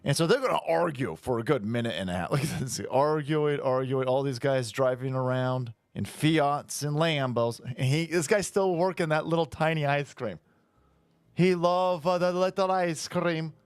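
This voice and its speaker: A man's voice: a little high, normal speed, clear, resonant tone, no room sound. A man hosting a show, giving crude, mocking play-by-play commentary over video clips. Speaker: show host.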